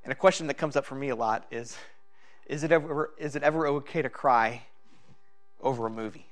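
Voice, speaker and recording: Pastor guy telling a story from his week, lots of ums and restarts, mid-pitched, easygoing. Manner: halting, reflective, with many fillers. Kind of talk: personal sermon.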